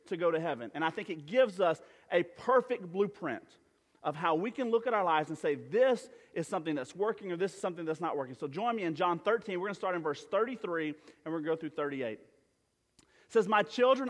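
A pastor delivers a sermon in a church sanctuary, speaking conversationally with many fillers and restarts, his voice on the high side, expressive and brisk. The hall gives the recording a long reverb.

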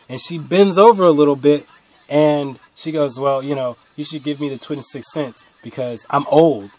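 Blunt rambling young man vlogger. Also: on the high side. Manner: rambling, blunt, swings between muttering and loud outbursts. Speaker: vlogger telling stories. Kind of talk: casual storytelling monologue.

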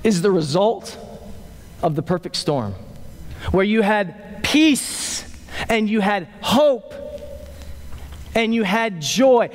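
High-voiced pastor preaching in a reverberant sanctuary. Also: male voice, animated, slow pace, long pauses. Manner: conversational, joking asides, building to emphatic peaks. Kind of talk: sermon. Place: church sanctuary. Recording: long hall reverb.

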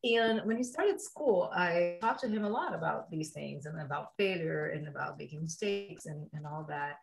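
A woman's voice: deep voice, moderate pace, creaky, poor audio. A woman, a guest mindset coach in a casual podcast chat who acts out bits of dialogue. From Brazil. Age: 40s. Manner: animated, acts out dialogue in quotes.

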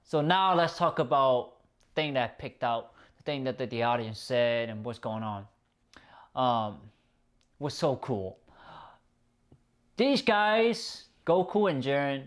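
A man giving a casual, excitable episode review, swearing often and rambling through restarts. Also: mid-range voice, clean tone. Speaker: video reviewer.

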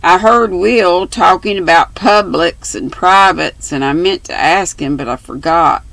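A woman voicing an eager, earnest little girl who pleads and tries to please, speaking slowly with a gravelly tone. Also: fairly low pitch, a bit bright, dry recording, low-quality recording.

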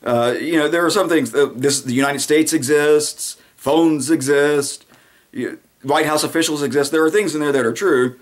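A man's voice: a little high, moderate pace. A man giving a casual, sarcastic political commentary monologue, rambling with frequent fillers.

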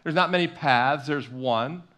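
A man's voice: a little high, a little slow, a bit bright. A middle-aged male pastor preaching a sermon in a church, talking conversationally with repetition and acted-out quotes. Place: church sanctuary.

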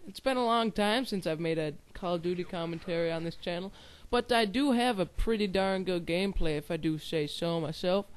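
Young male game commentator, high clear voice, rambling and giggly. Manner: rambling, giggly, self-deprecating. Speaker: gaming channel host. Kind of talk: casual gameplay commentary.

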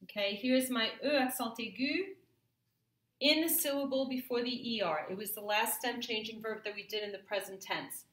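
A woman's voice: on the high side, moderate pace, fairly bright tone. A woman teaching a French grammar lesson to her class, patiently checking in with "okay?" as she goes. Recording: echoey room.

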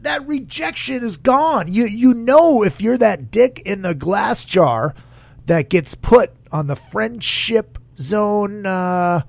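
A man's voice: sits high, gravelly, no room sound. A man hosting a casual solo podcast, rambling in a crude, jokey way and reading listener comments aloud. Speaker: podcast host.

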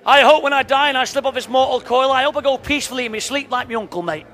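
A man's voice: very high-pitched, fast, fairly bright tone. A man from Liverpool with a Liverpool accent, doing a stand-up comedy routine of punchy one-liners on stage. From Liverpool, England. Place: on stage in a venue before a live audience. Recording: echoey room, far mic, crowd noise. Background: audience and room ambience.

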